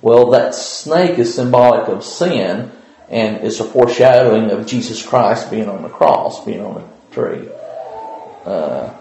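A man giving an informal Bible study, talking with frequent pauses and "uh"s as he thinks aloud. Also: fairly low pitch, dark tone, echoey room, slight background noise, poor audio. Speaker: Bible teacher.

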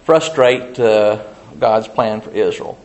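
A man voicing a greedy, scheming prophet in a retold Bible story, coaxing and eager, a bit higher than his usual voice. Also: slow pace, a little mellow, low-quality recording.

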